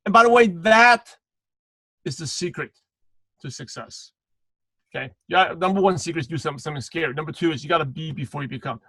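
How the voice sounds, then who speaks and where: A man's voice: a little high, a little fast, pauses often, bright, forceful tone, no room sound, low-quality recording. A man giving a motivational sales training on a live video call, calling out viewers by name and repeating punchy slogans. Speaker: guest trainer.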